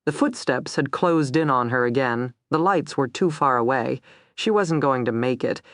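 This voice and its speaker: A woman narrating a crime thriller audiobook in a measured, even storytelling manner. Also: rumbling low, no echo, clean studio sound.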